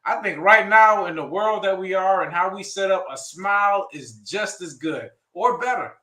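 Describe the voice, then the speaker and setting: High bright-voiced guy, folksy and earnest, keeps repeating himself, echoey room. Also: moderate pace. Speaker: co-host. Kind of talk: casual chat.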